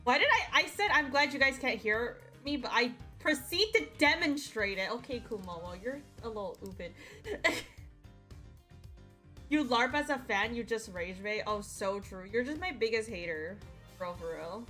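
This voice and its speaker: A woman streamer with a high, bright voice chats casually with her viewers. She is playful and teasing and breaks into giggles often. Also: expressive, moderate pace, soft background music.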